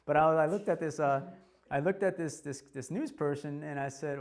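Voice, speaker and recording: A man in his forties teaching a class by telling his own story, animated and laughing often. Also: a little high, normal speed. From United States. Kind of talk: personal storytelling talk.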